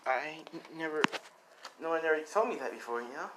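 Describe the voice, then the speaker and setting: A bubbly, friendly teenage girl, voiced by a man, chirps in a high, eager voice. The voice sits a little above the usual male range, with steady background noise underneath. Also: fairly quick, close to an everyday voice.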